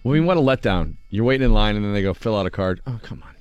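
A man's voice: fairly low pitch, rapid-fire, smooth, dull audio, faint music behind. A middle-aged man hosting a radio morning show, bantering casually and acting out quotes in his stories. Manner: animated storyteller, acts out quotes.

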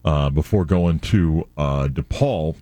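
A man's voice: very deep voice, slow pace, warm tone, no echo. A man hosting a sports radio show, talking casually with many filler words.

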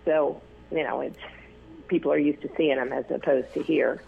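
A man telling stories as an interview guest, rambling with many fillers and restarts, his voice gravelly and husky. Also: on the high side, steady tone, normal speed. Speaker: news photographer, interview guest. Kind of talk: casual interview storytelling. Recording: tinny phone line.

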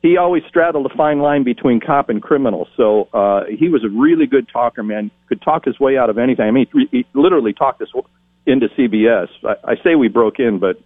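A man's voice: mid-range voice, fairly quick, no echo. A middle-aged man, a game show announcer, telling stories in an interview and acting out the voices he quotes. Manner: animated storyteller acting out quotes. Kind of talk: storytelling interview. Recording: tinny phone-like line.

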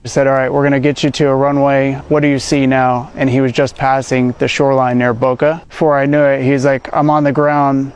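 A man, an air traffic controller, calmly recounting an event in a played clip. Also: medium pitch, fairly quick, few pauses, smooth, rough recording. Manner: calm and matter-of-fact.

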